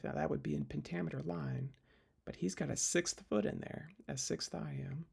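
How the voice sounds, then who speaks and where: A man's voice: on the high side, steady tone, normal speed, creaky, darkish tone, breathy edge. A man teaching literature in a recorded lecture video, explaining step by step with fillers and restarts.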